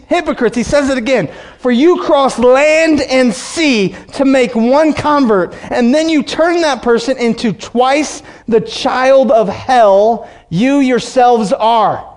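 High-voiced man preaching animatedly. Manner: animated preaching, reads scripture slowly, acts out voices. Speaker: pastor. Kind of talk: sermon.

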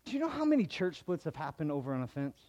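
Male pastor, high-pitched, animated sermon delivery with dramatic voice swings. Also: quick pace. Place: church hall before a congregation.

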